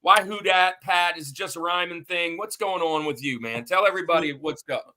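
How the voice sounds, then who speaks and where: A man's voice: fairly high pitch, a little fast, pushed and bright. A man hosting a sports podcast in an upbeat, hype-building, somewhat rambling way. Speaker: podcast host.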